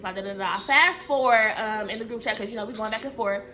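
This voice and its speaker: A young woman telling a casual storytime, profane, emphatic and animated. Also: on the high side, fairly quick, hardly any pauses, faint music behind.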